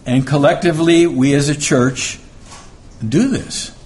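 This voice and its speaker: A man preaching a sermon, deliberate and emphatic, repeating key phrases as he explains scripture. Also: a little high, a little mellow.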